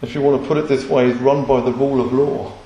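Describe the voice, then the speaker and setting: A man's voice: medium pitch, little pitch movement, fast, warm tone, very echoey, lo-fi sound, slight background noise. A man preaching a sermon, emphatic and full of rhetorical questions.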